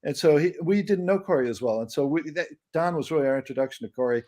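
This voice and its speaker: A man's voice: fairly high pitch, fast talker. A man, a film director, chatting casually at a reunion and recalling how he met a colleague. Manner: lively, recalls colleagues, brief reactions.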